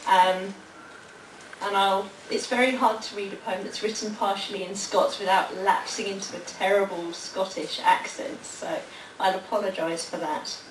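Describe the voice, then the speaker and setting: A woman hosts a library event and reads a poem aloud. She talks quickly and warmly, then slows into a measured recitation. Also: mid-range voice, far from the mic, a little hiss or hum. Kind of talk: live public poetry reading and thanks. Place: library hall at a lunchtime public event. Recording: echoey hall, voice from afar.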